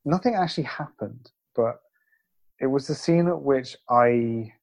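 A man's voice: mid-range voice, unhurried, vocal fry. Playful, teasing male podcast host. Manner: playful, teasing, thinks aloud with restarts. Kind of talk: casual podcast chat.

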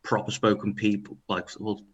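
A man from the north of England chatting on a podcast, his voice sitting fairly low. He rambles through loose, sweary banter. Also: monotone, moderate pace, highs cut off, a crowd in the background. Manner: rambling, sweary, laughs often. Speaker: podcast co-host. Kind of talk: casual banter.

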